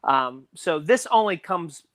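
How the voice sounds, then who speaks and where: Male co-host, slightly high, dry close mic, halting and repetitive. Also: lively intonation, fairly bright tone, dry recording. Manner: repetitive, restarts a lot, says "you know what I mean". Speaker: podcast co-host. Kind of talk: casual movie discussion.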